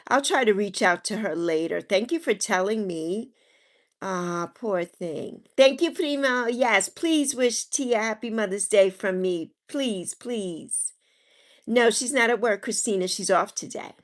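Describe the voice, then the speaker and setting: Affectionate lively woman chatting with viewers. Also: mid-range voice, unhurried. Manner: affectionate, calls viewers endearments; sympathetic, repeats herself softly. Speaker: live stream host. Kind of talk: casual chat reading viewer comments.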